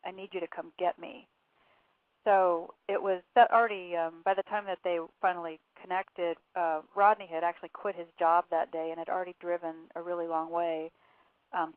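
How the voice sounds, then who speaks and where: A woman with a lowish voice tells a story in a phone interview, acting out bits of dialogue between her fillers. The call sounds tinny and dry, as if heard down a narrow phone line. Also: no echo. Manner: recounting events with quoted dialogue and fillers. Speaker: author and interview guest.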